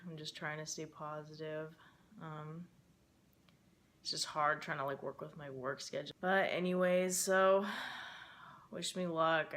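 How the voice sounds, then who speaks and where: A young woman talking to camera in a casual personal vlog, rambling and emotional with many fillers, stressed and frustrated. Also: low-pitched. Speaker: vlogger.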